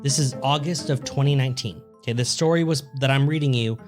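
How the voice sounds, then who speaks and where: A man's voice: medium pitch, fast, music in the background. A man co-hosting a casual podcast, reading out a news story with crude jokes and frequent laughs. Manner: laid-back, crude joking, laughs often. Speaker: podcast co-host.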